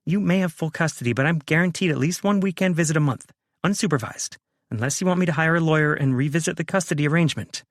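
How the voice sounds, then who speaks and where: A man's voice: on the high side, fast, dry recording, studio quality, pitched above the performer's own voice, close to an everyday voice. A man voicing a defensive, frustrated ex-wife who speaks insistently and pleads her case in a raised voice.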